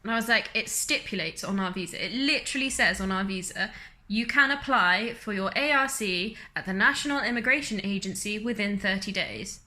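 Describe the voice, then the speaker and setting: A woman's voice: medium pitch, fairly quick, pushed and bright. A young woman from the UK, vlogging in a casual, chatty, self-mocking way, retelling her story with lots of laughter. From United Kingdom.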